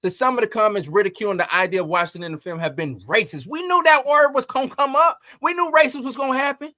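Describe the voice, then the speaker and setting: A man hosting an entertainment news commentary, talking in an animated, emphatic way and piling up rhetorical questions. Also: very high voice, fast talker, no echo, studio quality. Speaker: host.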